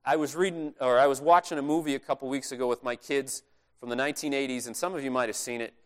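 A man's voice: medium pitch, fairly even intonation, quick pace. A male pastor preaching a sermon in a conversational, earnest way, stressing his key points.

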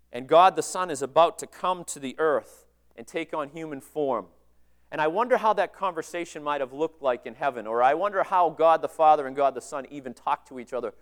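A male pastor preaching a sermon in a conversational way, with many rhetorical questions. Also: on the high side. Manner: conversational, asks rhetorical questions with frequent "right?".

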